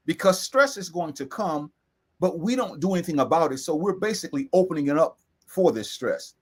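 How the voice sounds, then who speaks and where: An emphatic man in co-hosts a serious talk, voice pitched high. He drives points home by repeating key phrases slowly. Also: expressive, darkish tone, slightly rough. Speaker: co-host. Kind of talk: earnest discussion.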